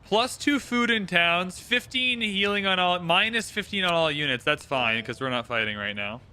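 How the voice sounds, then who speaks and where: A man's voice: sits high, lively intonation, normal speed, sharp tone. A young Canadian man chatting casually on a livestream, reading out viewer locations and talking through a strategy game. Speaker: streamer. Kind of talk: casual livestream chat while playing.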